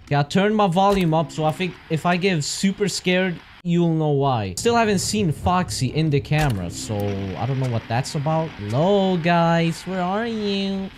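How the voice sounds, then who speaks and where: A young man hosting a horror game playthrough, reacting loudly and energetically with frequent swearing. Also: fairly high pitch, animated, moderate pace, few pauses, music in the background. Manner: hyper, jumpy, loud reactions and swearing. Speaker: gaming channel host. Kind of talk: horror game let's play commentary.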